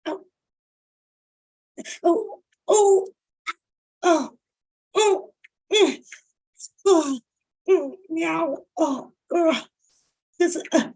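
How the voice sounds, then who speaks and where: High-voiced grandma playfully crying ow. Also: female voice, animated, takes it slowly, pauses often, darkish tone. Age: older. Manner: mock-crying, teasing, dramatic ow and oh. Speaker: grandmother playing with a toddler. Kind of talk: playful baby talk.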